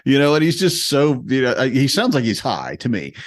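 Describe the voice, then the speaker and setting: A man's voice: medium pitch, brisk. A middle-aged man co-hosting a podcast, telling stories casually and acting out the lines of the people in them. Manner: animated storytelling, acts out quoted lines. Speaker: podcast co-host. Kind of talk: casual chat.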